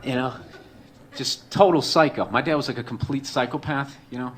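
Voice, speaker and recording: A man's voice: mid-range voice, moderate pace, slight background noise. A man telling a comedic personal story in a rambling, profane way, full of "like" and "you know".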